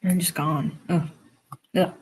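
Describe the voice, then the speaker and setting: A woman's voice: lowish voice, steady tone, slow pace, a little mellow, a little hiss or hum. Chatty young woman streaming from home. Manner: chatty, reads chat aloud and reacts, laughs often. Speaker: livestream host and writer. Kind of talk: casual livestream chat.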